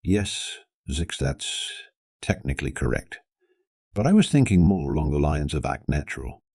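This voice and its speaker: Man doing a long-suffering human teacher for an audio story, very deep voice, dry close sound. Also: lively intonation, normal speed, darkish tone, no room sound, heavily acted. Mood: patient.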